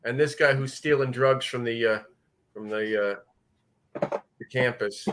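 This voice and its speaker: A man's voice: medium pitch, a little slow, background noise. Matter-of-fact man co-hosting a commentary. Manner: matter-of-fact, brief replies, gives instructions. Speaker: podcast co-host. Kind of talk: casual commentary chat.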